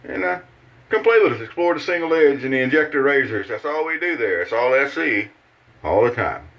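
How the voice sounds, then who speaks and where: A shaving channel host with a mid-range, medium-pitched voice talks fairly quickly and with lively intonation while he shaves, walking through his routine in a folksy, rambling way full of "uh"s and restarts. He seems to be at a bathroom sink, and the recording is dull and somewhat lo-fi.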